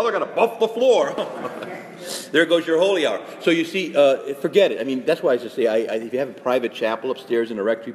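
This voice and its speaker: A man's voice: mid-range voice, a little mellow, slight background noise. A man, a priest, giving an earnest, emphatic and conversational talk to fellow priests, with many asides. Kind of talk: spoken retreat talk. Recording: echoey hall with faint ambience.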